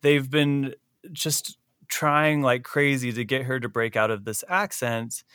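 Bright-voiced man hosting a podcast. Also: medium pitch, measured pace, clean tone, no echo, clean studio sound. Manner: animated, laughs often, chatty storytelling. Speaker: podcast host. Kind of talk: casual podcast chat.

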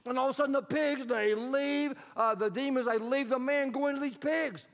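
A male pastor preaching a sermon in a church, telling a story with animated, rising emphasis. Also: extremely high pitch, normal speed. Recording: long hall reverb.

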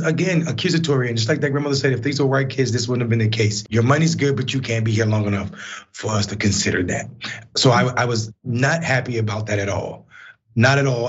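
A male guest host speaks in a husky, mid-pitched voice. He talks in a measured, deliberate way as he comments on the news. The sound is dull and lo-fi.

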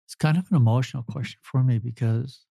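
An older man, a family counselor, answering an interview question in an earnest, halting way, choked up with emotion. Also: mid-range voice, vocal fry, warm tone, dry recording, studio quality.

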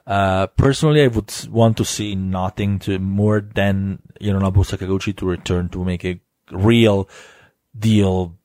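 A man with an Italian accent chats through his solo podcast, lowish in pitch and heard dry and close. He stumbles over words and restarts often, sounding earnest and a little self-deprecating. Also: a little mellow, dry recording. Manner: hesitant, with many fillers and self-corrections. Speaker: podcast host. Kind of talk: casual solo podcast chat.

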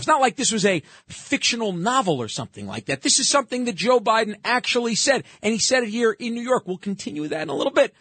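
A man's voice: sits high, big pitch swings, fast talker, hardly any pauses, sharp tone, dry recording. A man hosting a talk show, commenting sarcastically on played clips and often cutting in.

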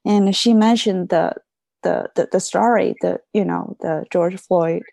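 Gravelly-voiced mother, hesitant and halting. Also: on the low side, mellow, no echo. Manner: hesitant, repeats words, non-native phrasing. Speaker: mother asking a question. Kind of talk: personal sharing in a group session.

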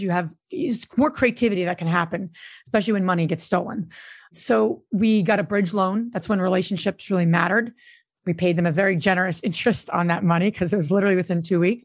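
A woman's voice: mid-range voice, dry recording, studio quality. A middle-aged woman and podcast co-host, candidly telling a story in a casual conversation. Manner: candid, storytelling, emotional at times. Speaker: co-host, real estate investor.

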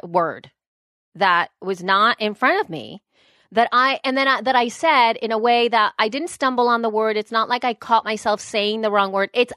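A woman's voice: on the high side, a bit bright, dry recording, clean studio sound. A woman co-hosting a podcast, chatting casually, rambling and correcting herself as she goes. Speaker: podcast co-host. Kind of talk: casual chat.

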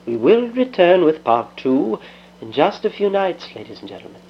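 A genial, formal radio announcer played by a man who delivers his sign-off in a high, bouncing voice. The sound is muffled and lo-fi, like an old broadcast, which adds to the period feel. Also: sing-song, moderate pace. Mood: courtly.

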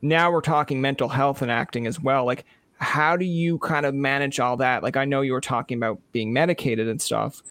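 A man hosting a casual interview, winding through his questions with a lot of "like" and "you know". He has an average pitch, and the recording is close and dry with no room sound. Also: steady tone, a little fast, few pauses, fairly bright tone, no room sound. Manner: rambling questions, heavy use of "like".

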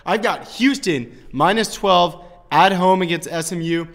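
Joking man with a slightly high voice. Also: unhurried, creaky, fairly bright tone, long reverb tail. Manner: joking, laughs often. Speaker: podcast co-host. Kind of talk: casual sports betting chat.

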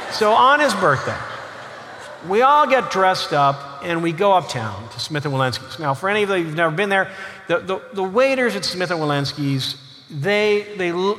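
Animated man telling stories in a hall. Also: high-pitched, a little hiss or hum. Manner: animated, self-deprecating, quick to laugh. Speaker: author giving a lecture. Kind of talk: humorous storytelling to a live audience. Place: lecture hall on stage. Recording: reverberant lecture hall.

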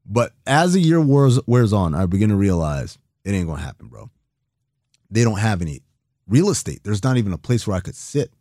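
Animated storytelling man, low voice. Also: brisk, no room sound, studio quality. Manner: animated, acts out quoted voices, swears casually. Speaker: guest. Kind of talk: casual storytelling.

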